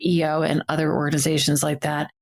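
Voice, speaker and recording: A woman in her forties co-hosting a podcast, chatty and easygoing, thinking out loud in a casual conversation. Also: sits low, level tone, fast, creaky. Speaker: podcast co-host, business owner.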